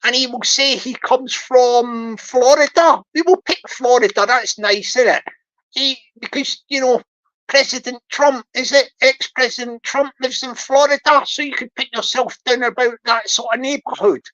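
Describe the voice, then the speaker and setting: A woman's voice: high-pitched, normal speed, fairly bright tone, dull audio. A woman giving joking livestream commentary, rambling, repeating herself and laughing often. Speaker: livestream host.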